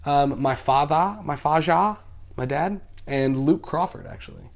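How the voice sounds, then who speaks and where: A young man talking as a podcast guest in casual chat, excitable and animated, swearing freely and laughing often. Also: on the high side, measured pace, vocal fry.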